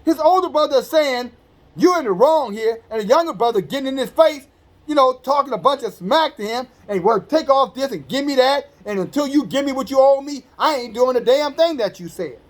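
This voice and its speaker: A man's voice: very high voice, animated, a little fast. A man preaching an informal sermon, reading scripture aloud and breaking into blunt, profane street-talk commentary that acts out the quoted voices. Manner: acts out quoted speech in a conversational voice.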